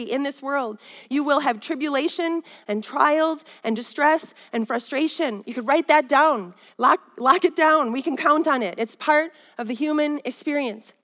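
A woman with a high voice teaching a Bible lesson in sermon style. She rouses her listeners and calls for their response. Her voice rings with long reverb, as in a large hall. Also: a bit bright. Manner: rousing, calls for audience response. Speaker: women's Bible study teacher. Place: Minnesota.

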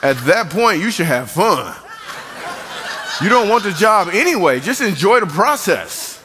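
A man's voice: sits high, sing-song, measured pace, noisy background. A man giving a playful, jokey talk to a live church audience, teasing the band between stories. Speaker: church speaker and comedian. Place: large church auditorium. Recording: long hall reverb.

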